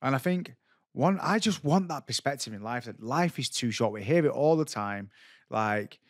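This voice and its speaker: A man's voice: medium pitch, animated, moderate pace, no room sound, studio quality. A man hosting a podcast, talking earnestly and reflectively with lots of restarts and "like". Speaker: podcast host. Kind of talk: reflective conversational interview.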